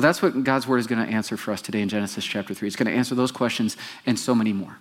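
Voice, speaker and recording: A pastor preaching a sermon, telling the story with animation and putting questions to the congregation. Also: male voice, mid-range voice, a bit bright.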